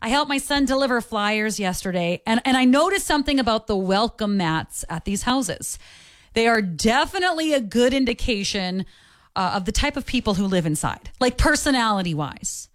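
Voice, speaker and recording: A woman's voice: on the high side, expressive, moderate pace, no echo, studio quality. A woman chatting casually in a radio segment, amused and playful as she reads things aloud.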